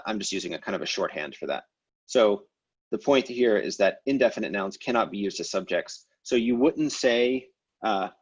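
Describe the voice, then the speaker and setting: A man teaching a language class over a video call, explaining grammar in a relaxed way with many fillers and restarts. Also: fairly low pitch, husky, dull audio. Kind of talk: online class lecture.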